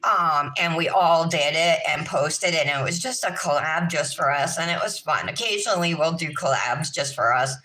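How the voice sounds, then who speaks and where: A woman's voice: low voice, moderate pace, hardly any pauses, pushed and bright, rough recording. A woman in her thirties hosting a casual nail livestream, chatting in a sing-song way with her viewers. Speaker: nail vlog host. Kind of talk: casual livestream chat while doing nails.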